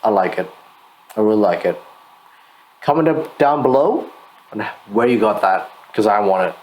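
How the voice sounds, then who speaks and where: A drunk man co-hosting a casual chat, tipsy and loud, swearing freely. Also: on the low side, expressive, normal speed, rough recording. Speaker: co-host reviewing painted miniatures.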